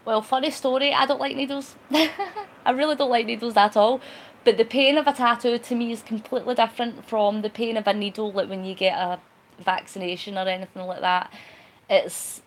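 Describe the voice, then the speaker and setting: A woman hosts a relaxed live-stream chat, answering viewer comments one by one. Her voice sits somewhat high for a woman. She is talkative and a little cheeky and laughs easily. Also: normal speed, a little hiss or hum. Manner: chatty and cheeky, laughs often. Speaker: vlogger.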